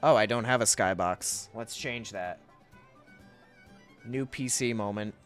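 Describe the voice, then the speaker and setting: Young male streamer, smooth clear tone, mid-pitched, loose rambling chat over soft music. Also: measured pace. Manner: rambling, chatty, reads chat aloud, often laughs. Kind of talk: casual livestream chat while drawing.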